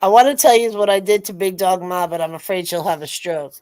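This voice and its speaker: Low-voiced woman telling a lively story. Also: brisk. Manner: animated storyteller, swears freely. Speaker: co-host. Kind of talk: casual pub chat.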